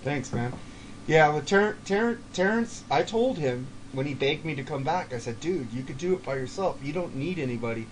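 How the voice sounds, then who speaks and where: A man's voice: a little high, lively intonation, moderate pace, a little hiss or hum. A man telling heated stories on a podcast, swearing freely. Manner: profane, heated storytelling. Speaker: podcast guest. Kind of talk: casual podcast chat.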